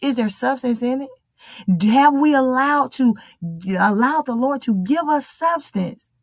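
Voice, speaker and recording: A woman's voice: sits high, measured pace, no echo. A woman preaching a sermon in an emphatic, repetitive style, drawing out key phrases.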